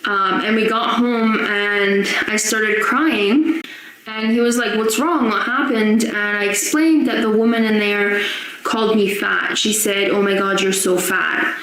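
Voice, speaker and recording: A woman's voice: mid-range voice, measured pace, a bit bright. A young woman earnestly telling a personal story with strong feeling. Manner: earnest, emotional recounting. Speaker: guest sharing a story. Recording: very echoey room with faint noise.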